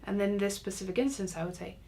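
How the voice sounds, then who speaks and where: Woman, parenting teacher, chatty and joking, gravelly vocal fry, middle pitch. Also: racing, warm tone. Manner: casual, chatty, self-mocking humor. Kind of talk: recorded online lesson.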